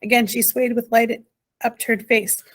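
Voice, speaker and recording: Woman, audiobook narration, gentle, measured, somewhat high. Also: level tone. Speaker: audiobook reader. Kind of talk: storybook narration.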